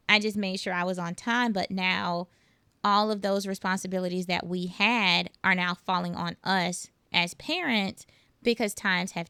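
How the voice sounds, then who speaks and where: A woman hosting a podcast, talking in a relaxed, reflective way and pausing as she asks questions. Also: mid-range voice, vocal fry, clear, resonant tone, dry recording. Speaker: podcast host. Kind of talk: casual conversational interview.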